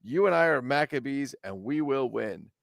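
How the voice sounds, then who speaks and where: A man voicing a proud male army commander who is recruiting children, reading a storybook card aloud in a slow, declaiming tone. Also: mid-range voice, animated, creaky, a bit bright, no room sound, studio quality, pitched above the performer's own voice. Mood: rallying.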